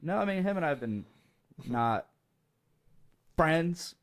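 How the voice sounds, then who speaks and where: A man's voice: a little high, lively intonation, takes it slowly. A young man hosting a podcast in casual chat, who laughs often and stumbles over his words. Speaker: podcast host.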